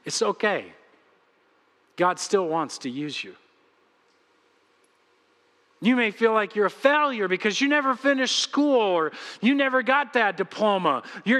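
A man's voice: high voice, fairly bright tone, in a large hall. A man preaching a sermon as pastor, earnest and pleading as he speaks straight to his congregation. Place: church sanctuary.

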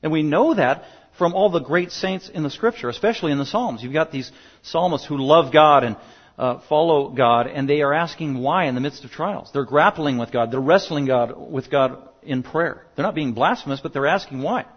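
A man preaching a sermon as pastor, emphatic and building to loud bursts on his main points. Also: fairly high pitch, normal speed, slightly rough. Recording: dull lo-fi sound.

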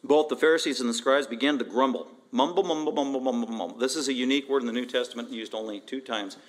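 A man preaching an expository sermon as pastor, emphatic and animated, repeating phrases and asking rhetorical questions. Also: medium pitch, quick pace. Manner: emphatic, animated, with frequent repetition.

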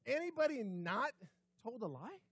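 A man preaching a sermon as pastor, conversational, asking the congregation questions and dropping his voice low and quiet for emphasis. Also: big pitch swings, moderate pace, breathy edge, no echo. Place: church sanctuary.

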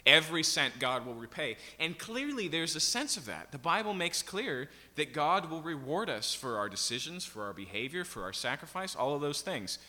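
A man preaching a verse-by-verse sermon, his voice piercingly bright and forceful. He presses each point and keeps turning to the congregation with "right?" and "okay?". The sound rings with the long reverb of a large church hall. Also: on the high side, very animated, normal speed, few pauses. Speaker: pastor. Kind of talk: expository sermon.

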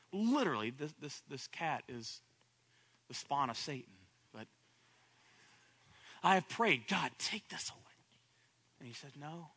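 A man's voice: medium pitch, pushed and bright, slightly rough. A man preaching a sermon, repeating phrases and building to impassioned cries. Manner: repetitive, rising to impassioned cries at peaks.

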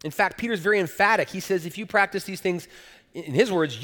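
A man preaching a sermon in an earnest, emphatic way. His voice sits a little high and trails off into the long reverb of a church sanctuary. He repeats words as he builds toward his points. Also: fairly quick, a bit bright. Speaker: pastor.

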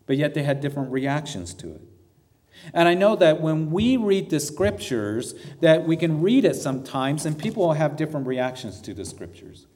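A man's voice: a little high, sing-song, moderate pace, a little mellow. Earnest male pastor in a reverberant hall. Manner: earnest, asks rhetorical questions. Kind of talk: sermon.

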